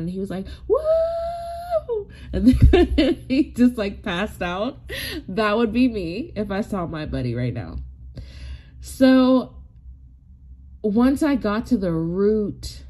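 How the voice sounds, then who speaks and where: A woman's voice: fairly low pitch, darkish tone. A woman in her forties, tearful and close to crying, telling a rambling personal story with many likes and you knows. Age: 40s. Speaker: spiritual wellness vlogger.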